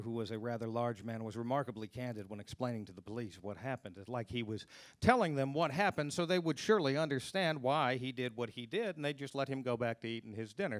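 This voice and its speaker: Male stage storyteller, middle pitch, earnest and intimate, dry close recording. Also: no room sound. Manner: earnest, drops to hushed low tones at grim moments. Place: stage at a live storytelling event.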